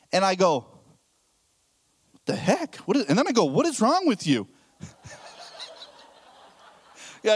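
Male pastor, 30s, high animated voice, casual preaching, banters with the crowd. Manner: conversational, jokes with the congregation, asks questions. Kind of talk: casual sermon.

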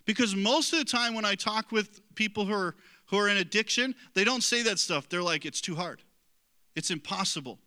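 A man's voice: high-pitched, a little fast, few pauses, pushed and bright, smooth. A middle-aged man preaching a sermon as a pastor, earnest and conversational, with self-deprecating asides to the congregation.

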